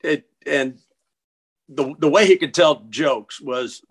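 Man, middle-aged, slightly high voice, casual storytelling, halting, repeats words. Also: slightly rough. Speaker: interview guest.

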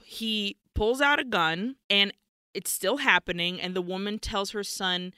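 Speaking at a measured pace, a woman with a mid-range voice sounds sharp, clear and resonant, with no echo. She co-hosts a podcast and casually walks through a film scene by scene. Candid and detailed, she punctuates her retelling with nervous laughs.

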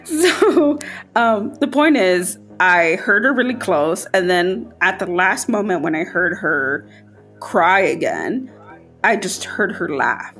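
A woman podcast host telling a personal spooky story in casual chat, her voice jumping high when she quotes herself. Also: lively intonation, slow pace, fairly bright tone, soft background music.

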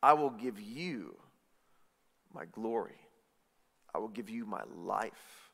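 A man preaching a sermon, swinging from loud emphatic lines to hushed, intimate ones. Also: fairly low pitch, lively intonation, slow pace, gravelly. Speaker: pastor. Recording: reverberant hall.

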